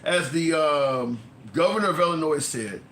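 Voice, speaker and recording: Animated man ranting in an echoey room. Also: a little high, moderate pace, a little hiss or hum. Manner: animated, storytelling, swears freely, voice jumps up when incredulous. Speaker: host of a political call-in stream. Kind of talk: casual political commentary.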